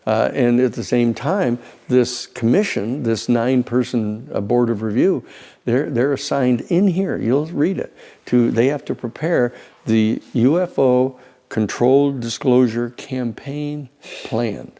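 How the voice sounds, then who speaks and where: A man, a lawyer, telling stories in an animated, conversational way, often repeating words as he builds a point. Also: mid-range voice, a little slow. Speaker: lawyer and institute president. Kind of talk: conversational storytelling.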